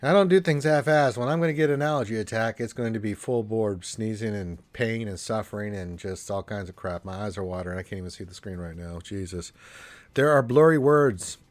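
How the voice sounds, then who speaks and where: Hosting a casual gaming livestream, a congested man with allergies rambles along with cursing asides. His voice is on the low side and he speaks fairly quickly.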